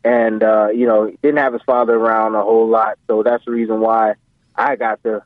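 Male phone-in guest, rambling storyteller, flat dry phone sound. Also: on the low side, normal speed, no room sound. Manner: animated, rambling, full of fillers. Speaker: guest, professional boxer. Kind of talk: casual storytelling interview. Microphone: phone call. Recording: tinny phone line.

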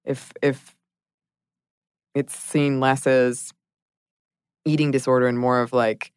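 A woman's voice: a bass voice, slow, long pauses, darkish tone, clean tone, no echo, clean studio sound. A woman co-hosting a podcast in casual chat, reflective and hedging, laughing often. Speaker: podcast co-host.

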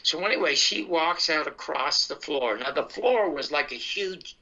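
Older male storyteller, very bright and fairly high voice, lo-fi sound. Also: moderate pace, slight background noise. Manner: animated anecdotal, acts out dialogue. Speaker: comedian telling his life story. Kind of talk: casual storytelling. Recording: dull lo-fi sound.

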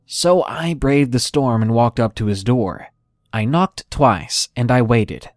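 A man narrates scripted horror stories in a measured, deliberate way, at a middling pitch. The sound is dry and close, with no room around it. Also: expressive, a little mellow, no echo. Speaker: podcast host and narrator.

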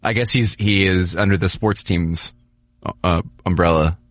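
This New York podcast host chats casually about sports, cracking jokes and stumbling into restarts where he repeats words. He has a deep voice with fairly even intonation, a measured pace, and no room sound.

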